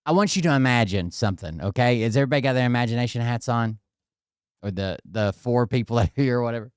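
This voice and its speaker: A man with a smooth, resonant voice rambles through a casual story, swearing freely and talking straight to his viewers. He is indoors at home, and the sound is dry and close, with no room echo. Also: medium pitch, fast talker. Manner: rambling and profane, addresses viewers directly. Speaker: vlogger.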